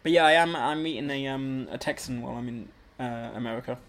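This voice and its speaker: A man's voice: mid-range voice, fast, a bit bright. A young man co-hosting a podcast, chatty and rambling in casual banter. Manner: chatty, rambling, self-mocking. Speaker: podcast co-host.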